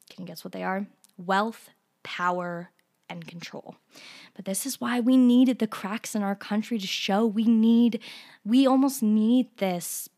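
A young woman with a gravelly, fry-heavy voice, hosting a solo podcast. She talks in a casual, opinionated ramble, full of fillers and quick laughs, at a middle pitch for a woman. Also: darkish tone. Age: young adult. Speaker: podcast host.

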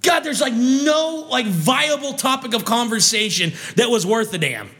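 A man's voice: extremely high pitch, expressive, moderate pace, fairly bright tone. A man delivering an angry, profane rant. He swears constantly and keeps stumbling into restarts. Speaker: vlogger.

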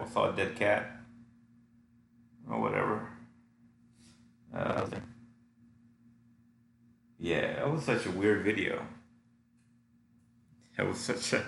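A man's voice: low-pitched, measured pace, gravelly, pauses often, fairly bright tone. A man with a stuffy nose, rambling casually into a home recording setup in his apartment, full of fillers and restarts. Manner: meandering, many fillers and restarts. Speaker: solo audio diarist. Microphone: home recording setup at a computer. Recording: echoey room with faint hum.

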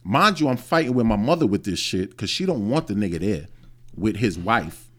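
A man's voice: lowish voice, very animated, moderate pace. A man in his late thirties hosting a podcast, telling a personal story in a blunt, profane way. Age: 30s. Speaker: podcast host. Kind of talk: casual chat.

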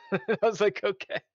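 A man's voice: on the high side, no echo. A man, a podcast guest, telling a casual road-trip story with swearing and laughter. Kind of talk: casual chat. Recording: dull lo-fi audio.

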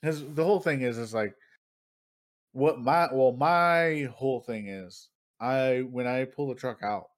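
A man's voice: medium pitch, unhurried. A man co-hosting a podcast in casual chat, loose and profane, laughing often. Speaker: podcast co-host.

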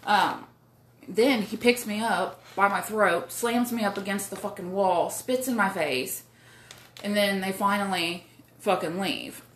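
A woman's voice: mid-range voice, measured pace, slight background noise. A woman, telling a personal story in a rambling way, full of swearing, fillers and asides.

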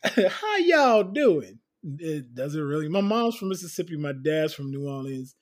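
A man co-hosting a podcast in casual chat, joking around with loud bursts and frequent laughs. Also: a little high, moderate pace. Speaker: podcast co-host.

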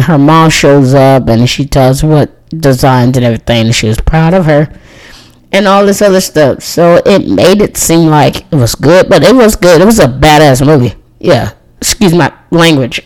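A woman's voice: low-pitched, a little mellow, clean tone, rough recording. A woman in her thirties chatting casually as host, reviewing movies in a rambling, friendly way and laughing often. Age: 30s. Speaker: podcast host.

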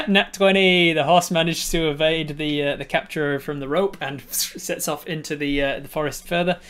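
A man's voice: a little high, steady tone, moderate pace, fairly bright tone, clear, resonant tone. A man narrating a tabletop game on a stream as game master, laughing often and acting out sound effects.

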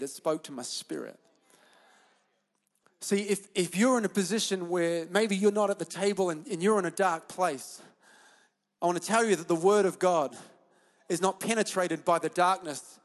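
Male pastor, high-pitched, impassioned sermon that swings from confession to rallying the room; long church-hall reverb. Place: church auditorium.

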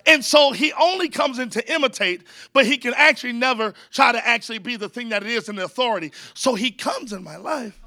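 A man preaching a sermon with high energy, calling out to the congregation to repeat after him and cracking jokes along the way. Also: fairly quick, hardly any pauses, bright, forceful tone, dry recording. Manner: jokey asides to the crowd. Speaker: pastor.

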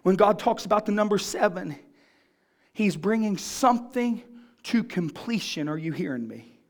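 Man, pastor, sermon, high voice, fervent, questions the church. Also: lively intonation, moderate pace. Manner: preaching with rising fervor, asks the congregation questions.

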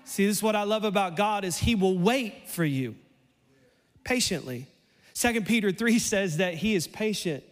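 A man preaching a sermon in a church, playful and animated, his voice climbing almost to a shout as he acts out lines. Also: high voice, normal speed, big-room sound. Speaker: pastor.

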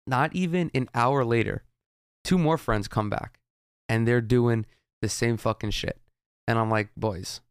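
A young man hosting a podcast tells a rambling, profane story in a casual monologue, often restarting his sentences. His mid-range voice is a little slow and clean, and the recording is dry with clean studio sound.

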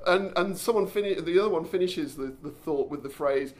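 A man's voice: a little high, brisk, slight background noise. A man hosting a podcast, telling a story with enthusiasm and frequent stumbles and restarts. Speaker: podcast host. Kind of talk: casual storytelling commentary.

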